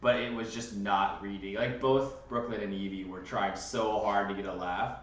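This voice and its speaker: Low-voiced Minnesotan man in a very echoey room. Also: steady tone, moderate pace, fairly bright tone. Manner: agreeable, chatty. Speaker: co-host. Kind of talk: casual chat. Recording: very echoey, far from the mic, faint noise.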